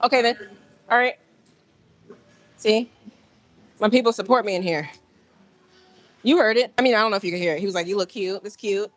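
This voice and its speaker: A woman hosting a casual livestream from a gym, talking straight to her viewers in an animated, rambling way. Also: on the high side, brisk, long pauses. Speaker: livestream host. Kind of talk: casual live-stream chat.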